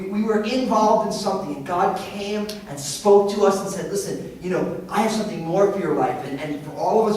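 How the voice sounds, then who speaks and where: A male pastor preaching a sermon in a church auditorium, telling stories in an animated way with frequent restarts. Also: high voice, slight background noise. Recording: echoey hall, heard from far off.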